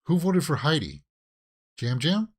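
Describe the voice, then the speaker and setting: A man's voice: fairly high pitch, very animated, unhurried. A man hosting a watch-along reaction video, giving casual commentary that swings into exasperated rants with repeated questions.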